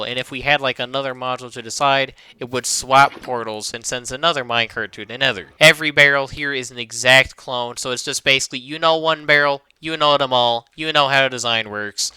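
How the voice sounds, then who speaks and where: Young guy narrating his game video, super bright and crisp, cocky and jokey, trips over words sometimes. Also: medium pitch, dry recording. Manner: boastful, joking, stumbles while explaining. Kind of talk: scripted narration of a gameplay video.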